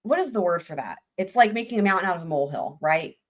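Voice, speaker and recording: A woman hosting a livestream, giving casual trial commentary in a very expressive, chatty way and laughing often. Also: fairly low pitch, quick pace. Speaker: livestream host.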